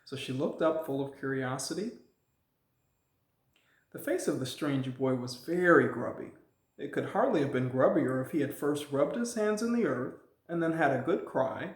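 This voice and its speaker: A man reads a children's novel aloud at an easy, relaxed pace, now and then dropping in casual asides. His voice sits at a middling pitch. The room around him adds a clear echo. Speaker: channel host reading aloud.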